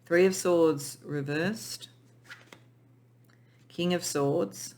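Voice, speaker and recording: A tarot reader speaks gently and spiritually through a pick-a-pile reading, and is moved close to tears. Sentences often restart as the reader searches for words, with the voice sitting at a middle pitch. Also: extremely slow. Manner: emotional, soft and spiritual, with many restarts. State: tearful.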